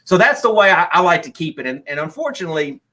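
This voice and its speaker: A man hosts a live call-in stream in a casual, rambling way, circling back on himself and restarting his sentences. His voice sits a little high for a man and sounds bright and forward. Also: very animated, quick pace.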